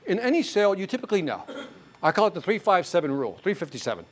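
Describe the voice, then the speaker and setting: Male sales trainer, lively and fairly high-pitched, teaching a live class with lots of audience questions. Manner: animated, quizzes the audience with quick questions. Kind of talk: live sales seminar talk.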